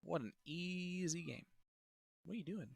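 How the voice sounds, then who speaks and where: A man's voice: fairly high pitch, normal speed, creaky, breathy edge, no echo. A man commentating a live darts match, talking in a chatty, joking way and teasing his co-host.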